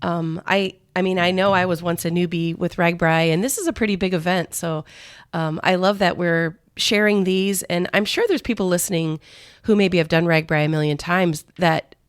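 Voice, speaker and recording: A woman co-hosts a podcast, chatting casually and telling stories with enthusiasm. Her voice sits a bit low, and the recording is dry and close to the mic. Her talk is full of relaxed fillers. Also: moderate pace, clear, resonant tone, dry recording. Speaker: podcast co-host. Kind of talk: casual chat.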